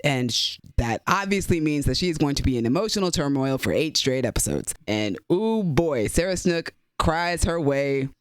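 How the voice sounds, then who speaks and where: A man co-hosting a film and TV review podcast in casual chat, relaxed and joking in a dry way. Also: on the high side, moderate pace, hardly any pauses, clean tone, dry recording. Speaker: podcast co-host reviewing films and TV.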